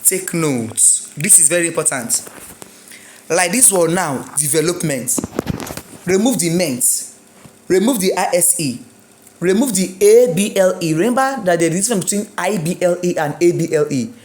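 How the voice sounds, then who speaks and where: A woman's voice: fairly low pitch, expressive, normal speed, a little mellow, a little hiss or hum. A woman with a Nigerian English accent teaching an exam-prep English lesson, spelling out letters and repeating words, asking and answering her own questions. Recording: echoey room.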